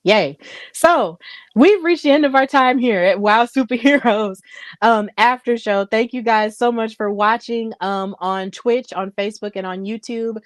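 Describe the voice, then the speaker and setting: A woman's voice: on the high side, a little slow, no room sound. A woman co-host talking casually and gratefully as she wraps up a wrestling talk show, close to tears. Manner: warm, grateful, near tears. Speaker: podcast co-host. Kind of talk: casual show wrap-up chat.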